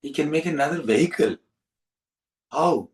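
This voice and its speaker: A man, hosting a storytelling session for young listeners in an animated, repetitive, coaxing way. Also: a little high, normal speed, recorded from a distance, rough recording. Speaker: storyteller and host.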